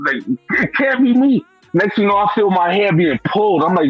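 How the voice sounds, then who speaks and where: A man's voice: high-pitched, fairly quick, few pauses, breathy edge, no echo, muffled recording, soft background music. A man telling a personal story in a casual, profane, streetwise way, full of "bro" and "you know what I'm saying.". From Brooklyn, New York. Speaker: guest.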